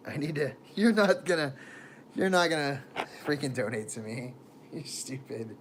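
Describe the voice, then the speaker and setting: A man's voice: fairly high pitch, lively intonation, normal speed, slight background noise. A man rambling through casual livestream chat on a phone camera, laughing often and trailing off mid-thought.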